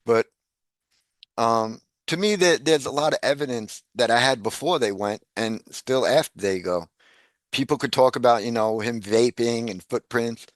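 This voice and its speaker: A man's voice: medium pitch, moderate pace, dry recording. Laughing man in casual chat, dry sound. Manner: animated, laughs often, repeats words. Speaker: guest.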